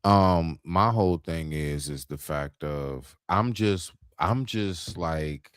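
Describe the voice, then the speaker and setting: A man hosting a casual live-streamed talk show, speaking in slang and chiming in with quick agreement. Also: low-pitched, clean tone, dry recording, studio quality. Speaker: podcast host.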